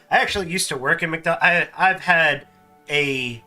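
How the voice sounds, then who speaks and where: A man hosting a casual stream, telling animated stories and laughing often. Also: fairly high pitch, normal speed, faint music behind. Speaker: streamer host. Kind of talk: casual chat.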